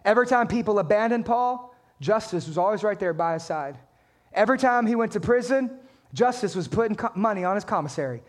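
A man's voice: high voice, animated, fairly quick. A man preaching a sermon as a pastor, talking straight to his congregation with emphatic points and playful jokes.

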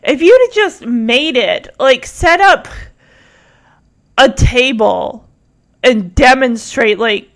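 A woman's voice: animated, slow, pauses often, a bit bright. A woman giving casual, opinionated commentary while reacting to a TV episode. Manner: chatty, opinionated, drifting pitch with mimicry.

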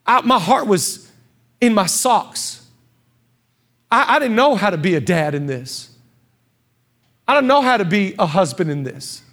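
High-voiced impassioned pastor preaching. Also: male voice, sing-song, a little slow, pauses often. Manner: impassioned, swings from hushed to shouting. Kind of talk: sermon. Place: church stage.

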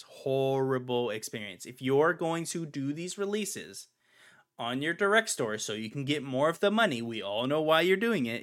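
Male podcast host, young adult, bright, emphatic, prone to ranting. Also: medium pitch. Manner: ranting, emphatic, repeats himself. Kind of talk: casual podcast chat.

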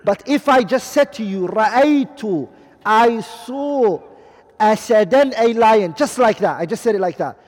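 In a classroom lecture echoing with long hall reverb, a man keeps putting questions to his students and repeats each Arabic term alongside its English meaning. His voice sits high and sounds animated, a little slow, and darkish in tone.

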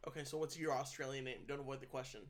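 A woman's voice: very deep voice, flat delivery, racing. A woman co-hosting a podcast in casual chat, with a dry, teasing way of talking. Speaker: podcast co-host. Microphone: studio microphone.

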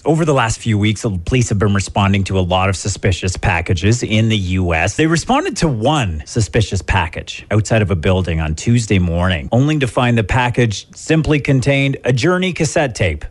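A man in his thirties co-hosting a morning radio show, bantering playfully and joking with his partner. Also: fairly low pitch. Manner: playful, lively, quick to laugh and put on silly voices.

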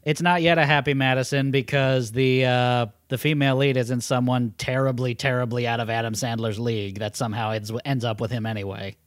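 A man's voice: mid-range voice, fairly even intonation, brisk, few pauses, dry recording, studio quality. Wry man on a movie podcast. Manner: wry, groaning reactions. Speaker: podcast co-host. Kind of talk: casual movie chat.

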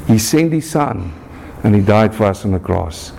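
A man from South Africa preaching a sermon, earnest and deliberate, rising to high shouts when telling a story. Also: expressive, creaky.

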